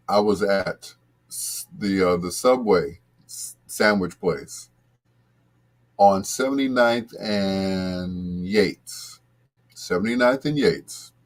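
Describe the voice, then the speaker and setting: Slow, deep-voiced man telling a rambling story. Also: breathy edge. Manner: rambling, with many restarts and asides. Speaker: radio show host. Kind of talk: casual storytelling chat.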